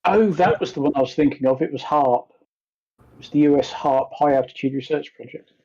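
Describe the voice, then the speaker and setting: A man in a casual online debate, teasing the others in a dry, flat delivery. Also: on the high side, brisk, dull audio, slight background noise. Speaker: debate panelist.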